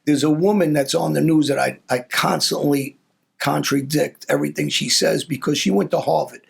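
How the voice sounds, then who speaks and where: Male host, gravelly and husky, earnest opinionated talk. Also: fairly high pitch, normal speed. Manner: earnest, opinionated, repeating words. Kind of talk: casual conversation.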